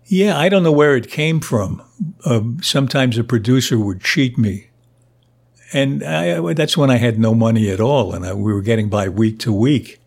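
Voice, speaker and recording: Older man telling a lively anecdote. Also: mid-range voice, normal speed, gravelly. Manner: animated, laughs through his stories. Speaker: guest. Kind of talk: storytelling anecdote.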